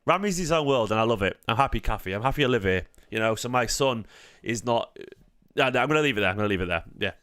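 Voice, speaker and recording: Mancunian bloke rambling on a fan stream, jokey and sweary, clean smooth voice, dry sound. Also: male voice, mid-range voice, expressive, fast talker, a bit bright, dry recording. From Manchester, England. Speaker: fan channel host. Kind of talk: casual live-stream chat.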